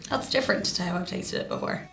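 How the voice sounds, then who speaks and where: Young irish woman, playful taste tester, roomy room, music behind. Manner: chatty, playful, quick to laugh. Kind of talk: casual chat. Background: background music.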